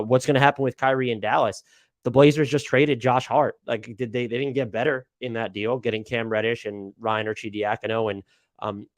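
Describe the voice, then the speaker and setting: A man's voice: mid-range voice, no room sound, clean studio sound. A man hosting a live basketball talk stream, casual and rambling, swearing and stammering with lots of fillers. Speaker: NBA podcast host.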